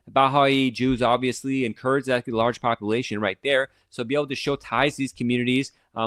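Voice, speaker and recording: A man hosting an immigration talk, talking fast and excitedly with many restarts and fillers, a Farsi speaker. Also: mid-range voice, no room sound. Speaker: immigration lawyer hosting a channel. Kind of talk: casual explainer talk to camera.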